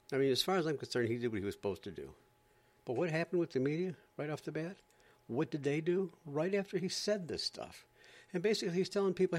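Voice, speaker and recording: Man, sarcastic stand-up rant, exasperated, lively swooping pitch. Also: fairly quick. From Florida. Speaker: comedian.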